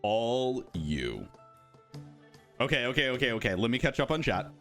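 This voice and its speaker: A man's voice: mid-range voice, big pitch swings, normal speed, a bit bright, faint music behind. A man in his thirties hosting a casual livestream, playful and chatty, greeting viewers by name and rambling off on asides. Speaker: livestream host for a game studio.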